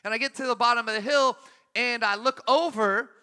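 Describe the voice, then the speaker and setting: Male preacher, 30s, high bright voice, easygoing anecdotal sermon, reverberant hall. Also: a little fast, clear, resonant tone. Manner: relaxed anecdotal, laughing at his own story.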